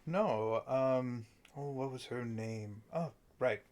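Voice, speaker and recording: A man's voice: medium pitch, slow, a little mellow, close to an everyday voice. A man voicing a polite, inquisitive woman cleric in a tabletop game, speaking formally. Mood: curious.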